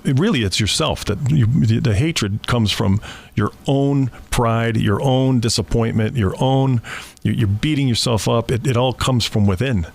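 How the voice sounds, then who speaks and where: A man speaks as a talk-show guest in a gravelly, rough voice. He is reflective and hesitant, circling back over his words before landing each point. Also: mid-range voice. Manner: halting, restarts phrases often, reflective. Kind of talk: conversational interview.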